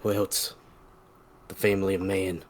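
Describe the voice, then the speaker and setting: Low-voiced man playing a tabletop game. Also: little pitch movement, measured pace, breathy edge. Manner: terse, deferential in character. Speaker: player.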